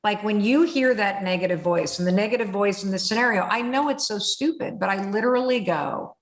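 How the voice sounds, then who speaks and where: Animated woman host in a roomy space. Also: medium pitch, brisk, few pauses. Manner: animated storyteller, acts out her inner voice. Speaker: podcast host. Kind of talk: candid conversation.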